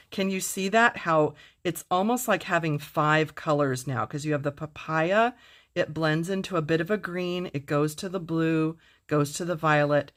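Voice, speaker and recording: A middle-aged woman with a deep voice teaches card making in a casual demonstration. She gushes with enthusiasm and talks straight to her viewers.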